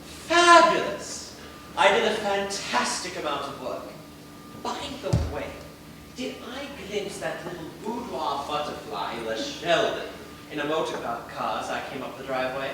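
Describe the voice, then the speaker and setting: A stage actor with a natural, highish voice and lively intonation plays a flamboyant, vain celebrity playwright in a live show, speaking at normal speed with grandiose theatricality. The theater recording is distant, echoey and noisy.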